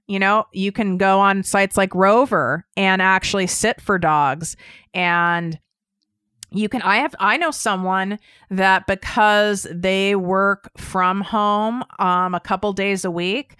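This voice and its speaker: A woman's voice: medium pitch, fairly bright tone, clear, resonant tone, no echo, studio quality. A middle-aged woman hosting a business show, talking casually and bluntly to her audience about money, with some swearing. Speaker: host and business coach. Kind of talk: casual direct-to-camera talk.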